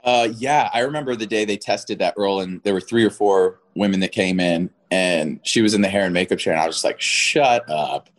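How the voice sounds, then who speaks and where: Laughing, chatty man with a low voice. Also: fast, hardly any pauses. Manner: chatty, laughs often, many restarts. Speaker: actor guest. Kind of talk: casual interview chat.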